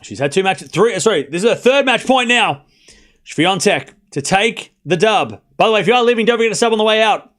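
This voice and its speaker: A young man streaming live tennis play-by-play to his chat, excitable, swinging from quiet muttering to shouting. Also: sits high, fairly quick.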